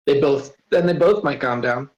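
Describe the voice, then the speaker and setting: A man voicing a cheerful, playful young female alien who chats brightly, in an echoey, slightly dull voice-chat recording. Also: mid-range voice, moderate pace, lightly acted. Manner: bright and chatty, giggly. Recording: roomy, dull voice-chat audio.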